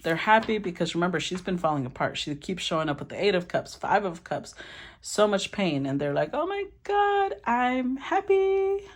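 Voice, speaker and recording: A woman giving a casual tarot reading, talking in an animated, blunt way and swearing casually. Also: fairly low pitch, brisk, breathy edge. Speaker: tarot reader.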